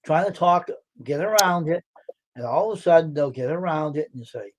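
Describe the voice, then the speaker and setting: A man telling stories on a casual livestream, blunt and gruff, swearing freely. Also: a little high, animated, normal speed. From Brockton, Massachusetts. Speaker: livestream host.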